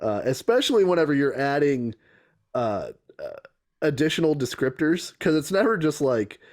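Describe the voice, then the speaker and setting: A man's voice: fairly high pitch, big pitch swings, moderate pace. A man co-hosting a comedy podcast in casual chat, joking and laughing often as he recaps wrestling. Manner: joking, laughs often, uses voices for quotes. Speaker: podcast co-host.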